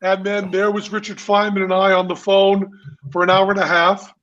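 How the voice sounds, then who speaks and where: High-voiced man telling emphatic stories. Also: monotone, normal speed, a bit bright, dull audio. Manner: emphatic, profane, theatrical storytelling. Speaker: guest. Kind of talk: casual storytelling chat.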